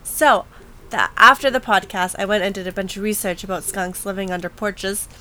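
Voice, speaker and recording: A woman's voice: medium pitch, fairly even intonation, moderate pace, pushed and bright. A woman co-hosting a podcast in casual chat, talkative and teasing. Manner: chatty, teasing. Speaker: podcast co-host.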